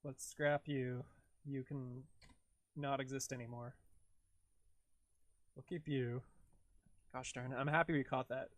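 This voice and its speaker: A man's voice: medium pitch, fairly even intonation, measured pace, long pauses, no room sound. A young man hosting a live stream, chatting casually and rambling in a giggly, self-deprecating way while he works.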